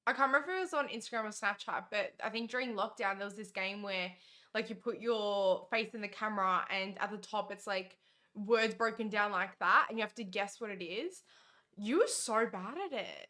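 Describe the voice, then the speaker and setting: A woman's voice: medium pitch, brisk, sharp tone. A young woman co-hosting a live stream, chatting playfully and laughing often. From Australia. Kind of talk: casual live-stream chat.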